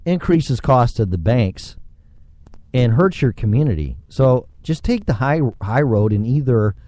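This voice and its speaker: A man's voice: medium pitch, animated, a little slow, warm tone, no room sound. A man hosting a solo podcast, ranting sarcastically and swearing freely into a microphone. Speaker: podcast host. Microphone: studio microphone.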